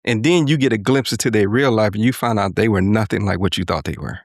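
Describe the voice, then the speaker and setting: A low-pitched man talking through ideas as a podcast co-host, earnest and unhurried in tone, tagging his points with "right?" and "you know". His voice sounds dry and close, with no room echo. It fits a relaxed conversation with a co-host. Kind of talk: reflective casual conversation.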